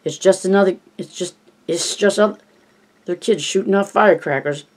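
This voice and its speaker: A reader putting on a wisecracking eleven-year-old boy from an audiobook, pitched well above the reader's own voice and pushed loud. He clowns in screechy comic voices. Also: moderate pace, lightly acted. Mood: clowning. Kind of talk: audiobook reading.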